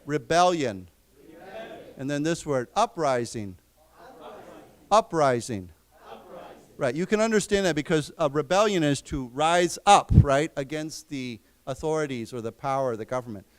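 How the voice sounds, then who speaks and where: A man teaching an English class, explaining words slowly and repeating them. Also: a little high. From United States. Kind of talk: lecture. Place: library lecture room.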